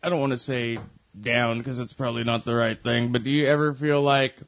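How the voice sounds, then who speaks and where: A man's voice: mid-range voice, flat delivery, a little fast, fairly bright tone. A man co-hosting a podcast, laid-back and casual, asking rambling questions. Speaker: podcast co-host. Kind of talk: casual chat.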